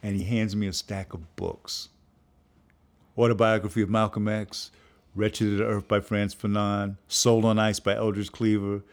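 At a moderate pace and with little pitch movement in his own voice, an older filmmaker-professor spins an animated story. When voicing its characters, though, he leaps up high in pitch.

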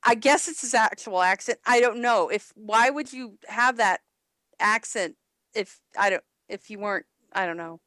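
A woman's voice: mid-range voice, normal speed, a bit bright, dry recording, clean studio sound. A woman co-hosting a podcast in casual chat, rambling and laughing often with many restarts. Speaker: podcast co-host.

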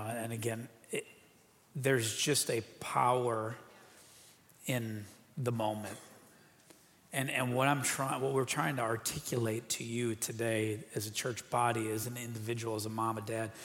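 A man's voice: mid-range voice, flat delivery, a little slow. Man preaching emphatically in a reverberant hall. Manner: emphatic, repeating phrases for force. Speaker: pastor. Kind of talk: sermon.

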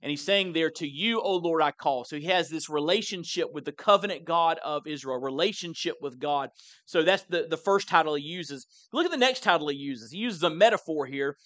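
A man's voice: fairly high pitch, animated, a little fast, a bit bright, dry recording. A man pastor preaching a sermon in a conversational way, often repeating words as he stresses a point.

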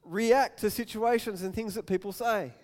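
A man preaching a sermon, telling stories and acting out quotes in loud bursts. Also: normal speed. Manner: storytelling, acts out quotes with sudden loud raised-pitch outbursts. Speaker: pastor. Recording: long hall reverb.

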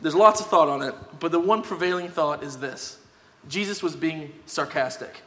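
A man delivers a sermon with a slightly higher voice than most men. He talks in a conversational but emphatic way and drives his points home. The sound rings with a long reverb, as in a large hall. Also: moderate pace, fairly bright tone. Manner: conversational, emphatic, tag questions. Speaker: pastor.

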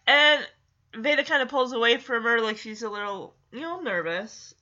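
A woman chats her way through a movie recap, easily moved by the story. Her voice is high and swings widely in pitch. The audio sounds dull and lo-fi. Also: lively intonation, normal speed, sharp tone. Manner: emotional, chatty storytelling.

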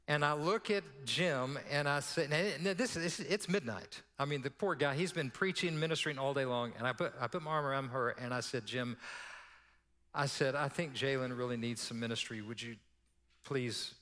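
Pastor preaching, bright ringing voice, kinda high, long hall echo. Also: male voice. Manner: storytelling, animated, drops to a hush for quoted prayer. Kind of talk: sermon.

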